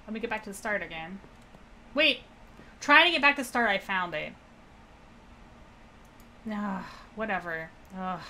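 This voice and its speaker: A woman's voice: medium pitch, lively intonation, a little slow, pauses often, bright, forceful tone. A young woman casually thinking aloud and joking sarcastically with her chat while she streams a puzzle game. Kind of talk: casual let's-play commentary to chat.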